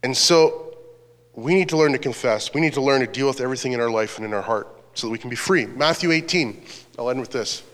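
A man's voice: medium pitch, quick pace, a bit bright, in a large hall. A man preaching a sermon as pastor, earnest, reading scripture aloud.

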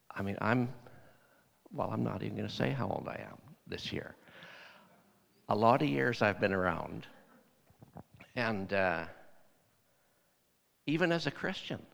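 A lay preacher with a lowish, creaky voice delivers a conversational sermon in a folksy style, retelling exchanges full of "I said" and "he said." A long hall reverb trails his words.

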